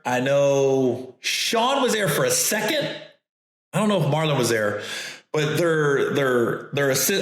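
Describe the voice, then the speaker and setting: A man, a comedian and host, telling a story in a casual, animated way, acting out the voices of others and laughing often. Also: a little high, very echoey.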